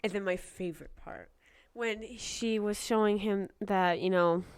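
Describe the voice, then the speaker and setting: A woman's voice: medium pitch, fairly even intonation, unhurried, smooth, no echo, studio quality. A woman co-hosting a podcast, eagerly retelling movie scenes in long run-on strings of "and then". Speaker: podcast co-host. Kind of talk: casual movie review chat.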